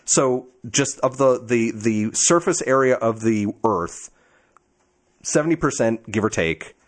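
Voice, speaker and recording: A man's voice: medium pitch, lively intonation, unhurried. Wry, chatty male podcast host. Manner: talkative, wry, explains at length with restarts. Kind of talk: casual chat.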